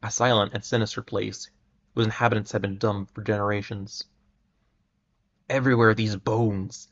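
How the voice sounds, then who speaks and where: A man giving a dramatic reading of an old adventure story at a measured pace, sometimes stumbling and restarting words. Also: on the low side, flat delivery, fairly bright tone. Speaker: reader. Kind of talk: dramatic reading of pulp fiction. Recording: muffled lo-fi recording.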